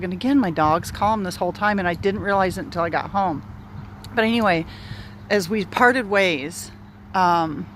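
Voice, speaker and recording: A woman's voice: medium pitch, a bit bright, a little hiss or hum. A woman outdoors telling a personal story in a candid, rambling way, swearing freely and circling back on herself. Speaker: speaker sharing a personal story. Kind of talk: casual spoken storytelling. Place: outdoors near bushes in an urban area.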